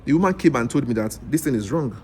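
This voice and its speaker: A man's voice: mid-range voice, fast, slight background noise. A Nigerian man telling a story in a casual vlog, acting out the other people's lines and often restarting his sentences. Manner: animated, acts out dialogue with rambling restarts. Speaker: English teacher vlogger.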